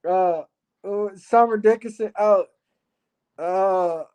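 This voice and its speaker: A man's voice: sits high, slow pace, background noise. A man hosting a livestream, talking in a rambling, profane way with laughing asides. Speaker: livestream host. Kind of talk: casual rambling livestream talk.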